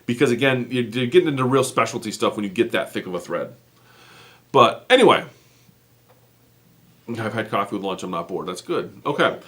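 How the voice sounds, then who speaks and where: A man's voice: lowish voice, lively intonation, normal speed, long pauses, a bit bright. A man, co-hosting a casual chat, rambling and poking fun at himself with lots of ums. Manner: rambling, self-mocking, many fillers. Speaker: co-host.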